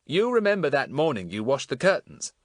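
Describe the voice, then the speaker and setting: A man voicing a brisk, bossy schoolboy sleuth. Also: a little high, huge pitch swings, no room sound, clean studio sound, pitched above the performer's own voice. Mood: eager. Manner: brisk, confident, commanding. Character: eager, bossy schoolboy detective leader. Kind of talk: audiobook character voice.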